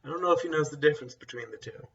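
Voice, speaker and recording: A man's voice: on the high side, rapid-fire, fairly bright tone, a little hiss or hum. A young man chatting casually as a co-host. He talks bluntly and rambles, full of fillers. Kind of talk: casual chat. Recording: dull, distant mic sound.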